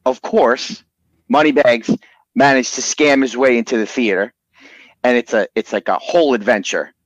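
A man on a podcast telling a long, excited, rambling story. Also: mid-range voice, normal speed, dry recording, low-quality recording. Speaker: podcast guest. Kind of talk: animated storytelling.

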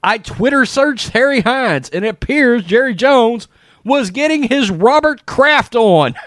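A man giving casual, animated commentary, reading social media posts aloud with frequent laughs and exclamations. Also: very high-pitched, takes it slowly, creaky, dry recording, studio quality.

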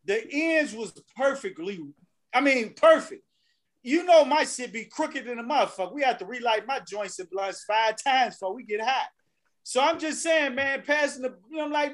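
A man's voice: extremely high pitch, lively intonation, normal speed, a bit bright. A man co-hosting a podcast, telling a long, profane story in casual banter. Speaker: podcast co-host.

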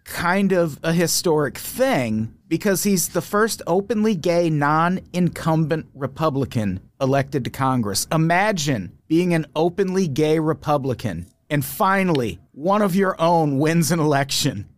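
A man's voice: fairly high pitch, lively intonation, unhurried, few pauses. A man hosting a comedy podcast over a remote call, sarcastic and mock-exasperated in his banter. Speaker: podcast host.

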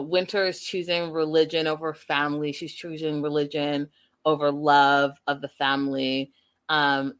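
A woman casually recapping a reality show, animated and acting out what people said. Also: low voice. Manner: animated, quotes people in lively voices.

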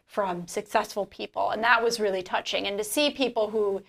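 A woman podcast host and business founder telling a story in casual chat, animated and full of "like", swearing freely. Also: mid-range voice, moderate pace, vocal fry.

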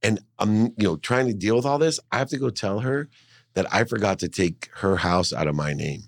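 A middle-aged man, a guest in an interview, telling a personal story in an earnest, animated way. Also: on the low side, fairly quick, dry recording, clean studio sound. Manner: earnest, animated, acts out his mother's voice in dialogue. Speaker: guest, entrepreneur and speaker. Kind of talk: emotional storytelling in a podcast interview.

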